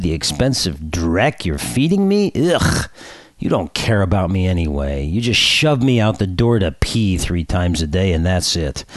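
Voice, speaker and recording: A man's voice: sits low, dry recording, clean studio sound. Guy putting on a whiny dog, kvetchy and self-pitying, voice jumps around a lot. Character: whiny complaining young male dog.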